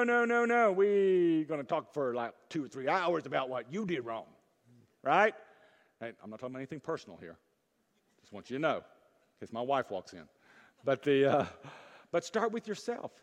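Fervent pastor preaching in a reverberant hall. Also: male voice, fairly high pitch. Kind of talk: sermon. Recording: long reverb of a church hall.

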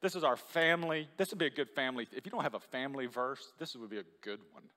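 Sharp in tone and fast in delivery, a mid-range male voice preaches a sermon, with a long reverb tail from the church hall. The pastor stays conversational, questioning his congregation throughout.

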